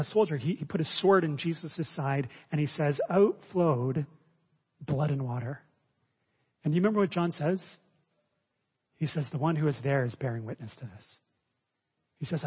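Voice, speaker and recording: A man's voice: a little high, slightly rough. A man preaching a sermon in a conversational way, with fillers and restarts, often asking his listeners questions. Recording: dull sound with long reverb in a hall.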